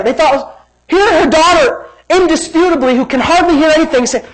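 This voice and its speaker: A man preaching a sermon, telling a story with laughter and shouted emphasis. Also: very high-pitched, fairly quick, low-quality recording.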